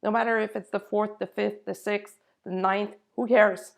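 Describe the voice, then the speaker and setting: A woman giving an earnest spiritual talk to camera, in unhurried, drawn-out phrases. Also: medium pitch, little pitch movement, vocal fry. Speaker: spiritual channel host. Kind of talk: slow spiritual monologue to camera.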